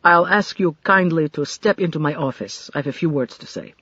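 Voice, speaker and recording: An audiobook narrator voicing a burly, blunt male carnival manager in short, clipped lines, with a dry, husky tone on a dull recording. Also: medium pitch, moderate pace, sharp tone, dry recording.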